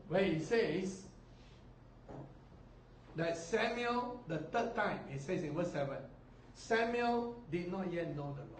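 Pastor, male, slightly high voice, lively sermon delivery, distant mic in a reverberant hall. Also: slow, pauses often, a little hiss or hum. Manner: animated preaching, mimics people, swings loud and soft.

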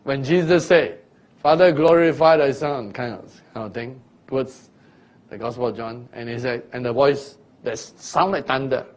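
A man teaching a Bible sermon in an unhurried, deliberate way, pausing to quiz his listeners and breaking into sudden loud sound illustrations. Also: medium pitch. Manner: asks listeners questions directly. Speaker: preacher.

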